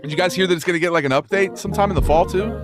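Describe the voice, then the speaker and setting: A man's voice: high-pitched, very fast. A young man live streaming and chatting casually with his viewers, laid-back and slangy, calling everyone bro. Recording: music playing loudly underneath. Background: game music playing under the voice.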